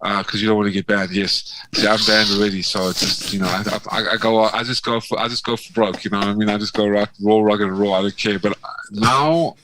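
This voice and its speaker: A man's voice: on the low side, level tone, fast talker, hardly any pauses, noisy background. A man talking as a podcast guest in casual chat, rambling and fervent, with many restarts and sarcastic asides.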